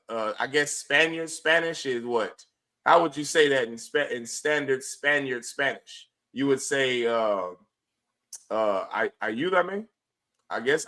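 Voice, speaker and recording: A man's voice: medium pitch, bright, forceful tone. A man, a priest and teacher, giving a classroom lecture and often checking whether the class understands. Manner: preachy, keeps asking the class "you understand?". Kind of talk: classroom lecture streamed online. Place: classroom with students present.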